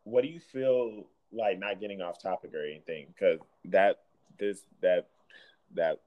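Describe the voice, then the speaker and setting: Low-voiced man, casual podcast host. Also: a little slow, muffled recording.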